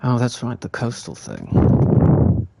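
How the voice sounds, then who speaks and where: Slow gravelly Texan man musing aloud. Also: mid-range voice, huge pitch swings. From Texas. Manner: rambling, talks to himself. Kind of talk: casual musing vlog talk. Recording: noisy background.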